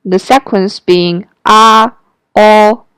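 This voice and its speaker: A woman gives a slow, careful Mandarin pronunciation lesson, modeling each syllable for the listener to repeat and taking her time over every word. Her smooth, clear, medium-pitched voice is animated. The recording is dry and close, with no echo.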